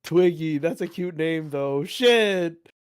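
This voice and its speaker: A man's voice: fairly high pitch, slow, smooth. A man streaming in casual chat, whining in melodramatic, self-deprecating mock despair. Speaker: streamer host.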